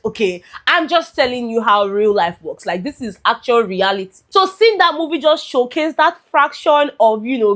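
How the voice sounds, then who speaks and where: Young nigerian woman reviewing a movie, high voice, chatty and expressive. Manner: chatty and expressive, slipping into pidgin. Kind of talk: casual chat.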